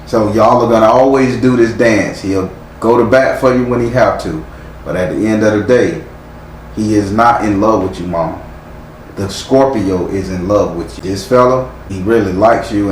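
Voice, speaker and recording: A man reads tarot live, giving blunt, stern advice laced with profanity. His voice sits low. The room is echoey, with a faint hiss of noise behind him. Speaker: tarot reader.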